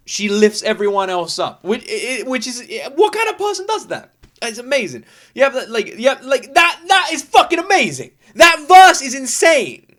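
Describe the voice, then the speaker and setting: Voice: medium pitch, fairly bright tone. A reaction video host giving casual, effusive commentary that swears freely while reacting to a video at home.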